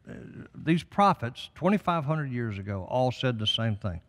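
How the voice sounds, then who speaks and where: A man's voice: medium pitch, very animated, moderate pace, big-room sound, background noise. An older man, a guest on a talk show, speaking with emphatic, preacherly conviction about faith and prophecy. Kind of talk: impassioned religious talk.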